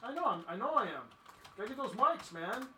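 A man's voice: very high-pitched, very animated, a little fast, bright, forceful tone, a little hiss or hum. A man co-hosting a podcast in casual chat, rambling and hesitant, with frequent restarts. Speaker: podcast co-host.

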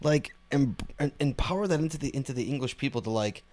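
A man's voice: mid-range voice, fast, darkish tone. A man co-hosting a casual chat show, telling a story with lots of laughs and stumbling restarts. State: hiccups. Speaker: podcast co-host.

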